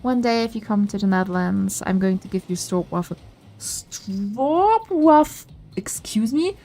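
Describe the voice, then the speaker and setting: A woman VTuber streamer giving excitable, playful commentary while playing a dating game. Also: mid-range voice, fast, vocal fry, slight background noise. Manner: excitable, playful, gasps and laughs. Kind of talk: casual gaming commentary.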